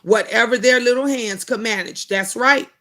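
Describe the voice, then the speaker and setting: A middle-aged woman hosting a casual live chat, answering viewer comments and telling animated family stories. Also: a little high, normal speed. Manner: animated storytelling, acting out family quotes. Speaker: host of a live chat show.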